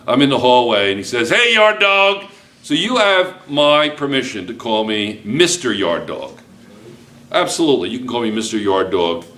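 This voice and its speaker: A man's voice: medium pitch, moderate pace. Joking male teacher quizzing a class. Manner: joking, lively, quizzes students with constant checks. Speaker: chemistry teacher. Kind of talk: classroom lecture.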